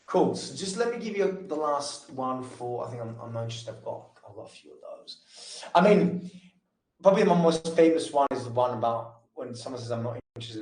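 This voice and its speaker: A man's voice: medium pitch, darkish tone, reverberant, low-quality recording. A man running a casual sales training session, talking loosely with lots of fillers and restarts. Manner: casual, talks fast with many fillers and restarts. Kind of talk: live training session on a call.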